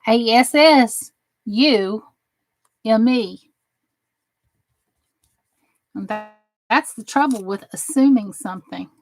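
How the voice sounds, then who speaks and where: A woman with a Southern drawl chats casually with viewers of her crafting channel, teasing them with sarcasm, then earnestly encouraging them. She talks slowly and sits slightly high in pitch. The sound is close and dry, with no room around it. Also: dry recording.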